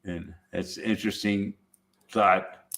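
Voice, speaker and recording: With a low, fairly bright voice, vocal fry, and a steady tone, this SoCal YouTuber talks a little slowly. His casual chat is blunt, he swears without hesitation, and he laughs a lot.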